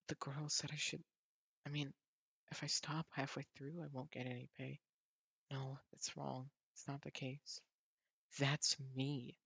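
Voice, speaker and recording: A man's voice: mid-range voice, gravelly, a bit bright, breathy edge, dry recording, dull audio. A man casually reading a comic aloud, voicing the parts and adding chatty asides. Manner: chatty asides and chuckles between lines. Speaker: comic reader.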